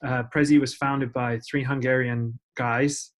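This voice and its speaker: A man's voice: medium pitch, little pitch movement, unhurried. A man with an English accent, chatting as a podcast guest in a self-deprecating way with many fillers. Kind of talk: casual interview chat.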